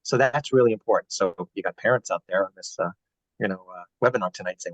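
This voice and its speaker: A man's voice: deep voice, fast talker, no echo. A man speaking earnestly as a guest on a webinar, advising parents on family values. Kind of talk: webinar talk. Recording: dull, dry webinar audio.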